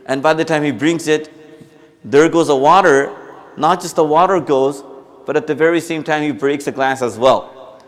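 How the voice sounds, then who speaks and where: Male religious teacher, somewhat high pitch, chatty sermon delivery that acts out everyday examples. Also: moderate pace. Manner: conversational, explains with acted examples and repeats himself. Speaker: mufti giving a Friday talk. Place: mosque.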